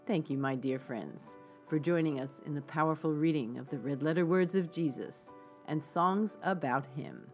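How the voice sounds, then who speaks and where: A woman hosting a devotional podcast, praying and reading scripture in an earnest, measured way. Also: low-pitched, a little mellow, husky, faint music behind.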